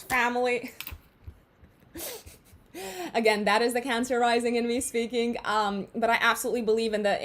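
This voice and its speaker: Chatty high-voiced woman astrologer. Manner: chatty, frequent fillers and restarts, laughs at herself. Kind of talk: casual monologue to viewers.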